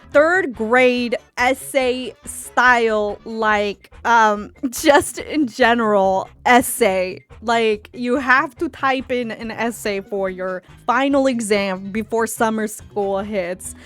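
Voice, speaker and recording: A woman's voice: on the high side, takes it slowly, few pauses, a bit bright, faint music behind. A woman hosting a gaming video, chatting casually and reacting with lots of exclamations. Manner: chatty, exclamatory, laughs easily. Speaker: gaming channel host.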